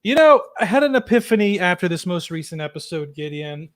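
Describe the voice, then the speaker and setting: A man's voice: high voice, big pitch swings, brisk. A man hosting a casual podcast chat, rambling along with lots of fillers and restarts. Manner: chatty, rambling with many fillers. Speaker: podcast host.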